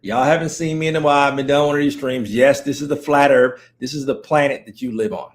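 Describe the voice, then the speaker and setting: A man's voice: medium pitch, steady tone, fast talker. A man chatting casually on a live stream, rambling and joking while greeting viewers as they come in. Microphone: streaming setup mic.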